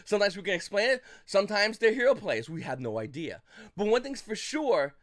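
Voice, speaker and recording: Animated man running a card-market rant. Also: high-pitched, a little fast. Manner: animated, acts out buyers' reactions in mock voices; loose, rambling delivery with restarts. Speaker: trading card market commentator. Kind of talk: casual market commentary vlog.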